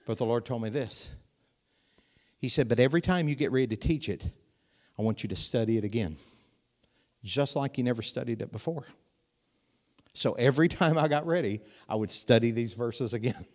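A middle-aged man preaching a sermon in a voice that sits in the middle of the male range. He talks to the congregation like a friend, asking them questions, then lifts his volume for emphasis and slows down on the key lines. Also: mid-range voice. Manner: animated preaching with rising volume and dramatic pauses; conversational, asks the audience questions.

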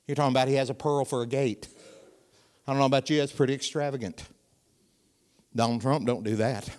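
This sermon comes from a middle-aged man whose voice sits mid-range for a man. He speaks conversationally, asking the audience questions, then preaches with growing volume and dramatic pauses, slowing down on the important lines.

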